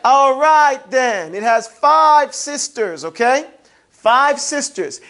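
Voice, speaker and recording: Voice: sits high, animated, slow pace, fairly bright tone. A teacher giving a classroom grammar lesson, prompting students to repeat words and explaining with everyday examples. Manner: call-and-response prompting, plain everyday examples.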